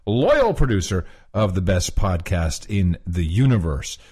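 A man co-hosting a podcast, talking in a halting, teasing way and laughing often in casual chat. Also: low-pitched, sing-song, mellow, slightly rough. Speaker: podcast co-host.

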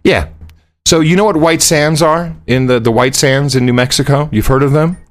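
A man's voice: a little high, normal speed. A man co-hosting a podcast while on the road, telling a rambling story in casual chat. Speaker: podcast co-host. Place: on the road, far from home studio.

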